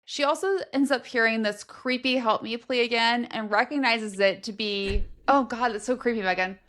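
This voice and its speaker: A woman's voice: on the high side, normal speed, fairly bright tone. A woman co-hosting a book podcast, summing up a novel's plot in casual chat and dropping in short dry reactions.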